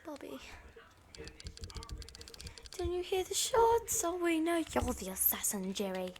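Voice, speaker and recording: High-voiced woman playing a game dramatically. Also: big pitch swings, a little slow, pauses often, a little hiss or hum. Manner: dramatic and playful, swings between whispers and panicked screams. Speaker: gaming channel host. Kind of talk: Roblox let's-play commentary, role-playing in character.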